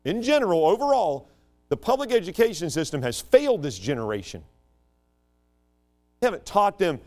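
Animated, digressive American man. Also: normal speed, faint music behind. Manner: animated and digressive, with sudden jumps up and down in pitch. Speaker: speaker addressing a group. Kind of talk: rambling talk to an audience.

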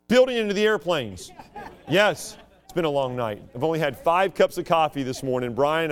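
A man from the United States giving a rambling, digressive talk to a group, in an animated voice. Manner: animated and digressive, with sudden jumps up and down in pitch. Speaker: speaker addressing a group.

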